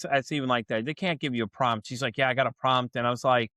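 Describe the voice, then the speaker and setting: A man's voice: mid-range voice, quick pace, bright, forceful tone, no room sound, clean studio sound. A man with a Texan accent hosting a podcast in casual chat, telling stories animatedly, swearing and acting out his own reactions. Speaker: podcast host.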